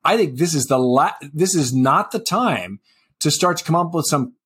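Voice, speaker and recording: Husky-voiced man, impassioned. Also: a little high, animated, moderate pace, a bit bright. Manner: impassioned, pointed. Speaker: podcast co-host. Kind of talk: casual policy discussion.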